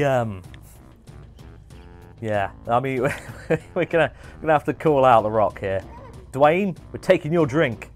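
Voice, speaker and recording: A man hosting a live speedrun stream, chatty and excitable, with frequent exclamations and cheers. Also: lowish voice. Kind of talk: live gameplay commentary.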